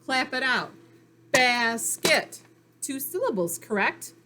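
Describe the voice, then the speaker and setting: A woman with a fairly high voice leads a children's reading lesson, sounding out each letter slowly and patiently. She keeps her tone encouraging throughout. A faint hiss sits under the recording. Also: animated. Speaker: phonics teacher.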